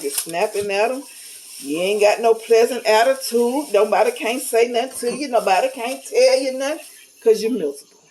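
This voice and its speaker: A woman's voice: fairly high pitch, low-quality recording. A middle-aged woman talking casually to camera, candid and blunt, with a folksy, preachy manner. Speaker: vlogger.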